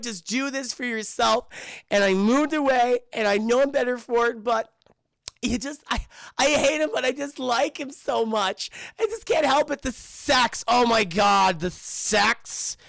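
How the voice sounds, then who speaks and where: A man putting on the voice of a tearful, emotional young woman neighbor, speaking slowly and weepily. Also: clean tone, no echo, close to an everyday voice, rough recording. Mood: weepy. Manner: slow, high, weepy delivery.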